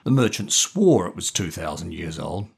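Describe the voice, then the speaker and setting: A man voicing a pompous older male colonel who speaks in a lordly, drawn-out way, with a husky voice. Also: deep voice, sing-song, exaggerated voice. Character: old male country colonel, pompous, fond of chuckling.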